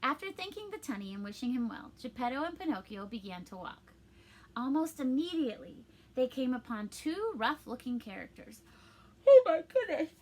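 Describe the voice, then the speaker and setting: A woman's voice: high voice, very animated, moderate pace, slight background noise. A young woman reading a storybook aloud to children, adding chatty explanations for young listeners.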